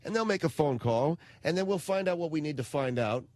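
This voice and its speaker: A man's voice: a little high, animated, fairly quick, a little mellow, no room sound. A man hosting a radio talk show, ranting in a blunt, slangy, indignant way into a studio microphone.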